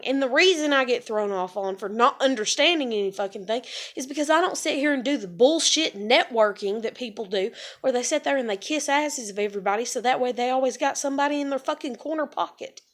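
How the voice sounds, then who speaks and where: Woman, 30s, high voice; furious profane venting monologue. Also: expressive, a little fast, hardly any pauses, fairly bright tone. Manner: angry, profane ranting with sighs. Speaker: vlogger.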